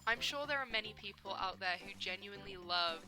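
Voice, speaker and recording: A young adult woman streaming a game, chatting casually and ranting in an animated, profane, self-mocking way. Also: medium pitch, a little fast, over music. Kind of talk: casual gameplay commentary.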